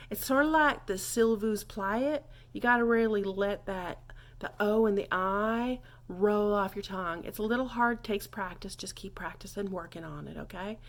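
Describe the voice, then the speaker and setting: Comic monologue: woman as a genteel lady tutor, unhurried, over-enunciates every phrase, mid-pitched. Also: natural voice. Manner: genteel, folksy politeness. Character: prim, chatty lady teaching mangled French phrases.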